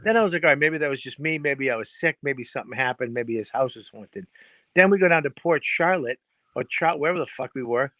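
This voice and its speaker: A man co-hosting a podcast in casual chat, a profane, animated storyteller who acts out noises. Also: mid-range voice, a little fast, no echo. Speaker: podcast co-host. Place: home in New Hampshire, crickets behind.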